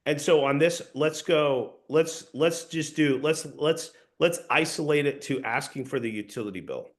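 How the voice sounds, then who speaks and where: Guy coaching sales reps, kinda high voice, repeats himself a lot explaining stuff. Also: normal speed. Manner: instructive, repeats and restarts phrases. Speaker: sales trainer. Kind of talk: coaching a practice session.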